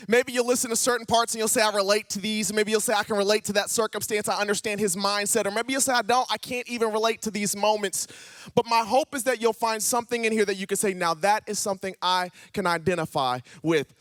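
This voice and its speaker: A man from Ohio, a youth pastor, telling a personal story in a sermon and acting out the dialogue with lively swings in pitch. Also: fast, dry recording. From Ohio, USA. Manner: animated, acts out dialogue with big pitch jumps. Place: church auditorium.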